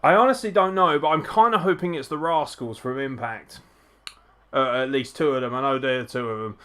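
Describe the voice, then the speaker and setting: A man's voice: medium pitch, brisk. Chatty man reacting live. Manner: casual, chatty, swears, excited outbursts at the action. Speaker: wrestling watchalong host.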